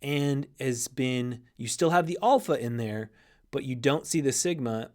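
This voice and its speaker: A man teaching a recorded grammar lesson in an explanatory way, often restarting phrases and spelling out letters slowly. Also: medium pitch, a little mellow. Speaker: Greek teacher.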